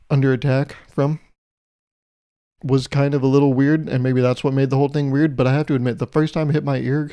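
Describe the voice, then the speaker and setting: A young man hosts his own podcast alone. He rambles comically, mocks himself and plays out small imagined conversations. His voice is mellow and sits at a middle pitch. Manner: self-mocking, plays out imagined exchanges. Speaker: podcast host. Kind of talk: solo comedic podcast monologue.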